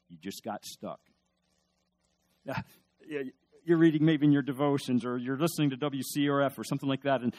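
A man preaching a sermon as pastor, telling stories and asking the congregation questions, moving between soft, quiet passages and loud emphatic ones. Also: medium pitch, brisk, no echo. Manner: storytelling, swings from hushed to emphatic, asks the audience questions.

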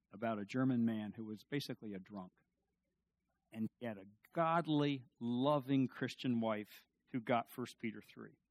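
A man preaching a sermon in a folksy, animated way, telling stories with quick asides and jokes. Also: fairly high pitch, no echo. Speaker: pastor.

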